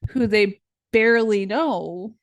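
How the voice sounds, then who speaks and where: A woman's voice: mid-range voice, slow pace, dry recording. Young woman co-host, loose chatty delivery, everyday mid voice, dry studio sound. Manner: chatty, full of "like" and "right?". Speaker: podcast co-host; teacher. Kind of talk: casual chat.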